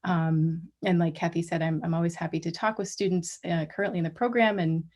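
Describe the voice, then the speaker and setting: A woman giving an academic colloquium talk over a video call, measured and full of small restarts. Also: fairly low pitch, steady tone, darkish tone. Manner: measured, many ums and restarts. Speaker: guest lecturer.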